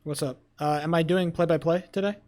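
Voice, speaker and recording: A livestreamer in a blunt, profane chat with viewers on a low-set desk mic at a home setup. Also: fairly even intonation, fairly quick. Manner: flares into loud yelling rants. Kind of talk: casual live-stream chat. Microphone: desk microphone, sounds low.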